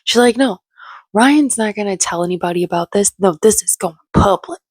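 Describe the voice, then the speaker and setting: A woman's voice: mid-range voice, normal speed, darkish tone, husky, no echo. A woman giving casual, sarcastic, opinionated commentary as she recaps a reality show.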